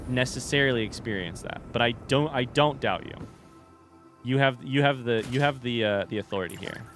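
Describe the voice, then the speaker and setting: A young man from the United States chatting casually while playing a game on a livestream, thinking out loud in a rambling, distracted, self-deprecating way. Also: mid-range voice. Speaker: streamer.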